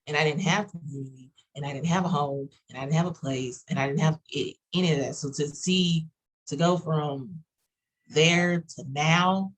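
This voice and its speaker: Husky fast-talking Texan woman. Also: sits low, steady tone, rough recording. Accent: Texas. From Texas. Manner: fast-talking, fillers and run-on sentences. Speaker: roundtable participant. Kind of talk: casual group video chat.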